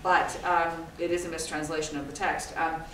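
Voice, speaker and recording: A woman's voice: low voice, level tone, moderate pace, fairly bright tone. A woman from Scotland giving an informal, digressive talk to an audience, chatty and self-deprecating. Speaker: guest speaker. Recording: echoey hall from far off, faint noise.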